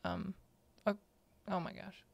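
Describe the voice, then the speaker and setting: A woman co-hosting a podcast, chatting casually about a book and pausing to search for words. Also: medium pitch, little pitch movement, vocal fry, dry recording. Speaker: podcast co-host.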